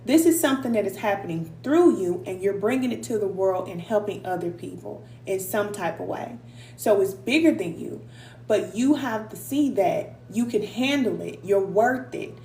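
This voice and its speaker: A woman's voice: mid-range voice, animated, normal speed, dark tone. A woman giving a motivational spiritual self-help talk to viewers, emphatic and repeating short affirmations in a conversational way. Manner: conversational, addresses viewers directly. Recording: echoey room with faint hum.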